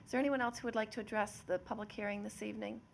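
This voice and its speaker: A woman chairing a public hearing, polite and brisk as she calls speakers. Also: mid-range voice, fairly even intonation, vocal fry, a little hiss or hum.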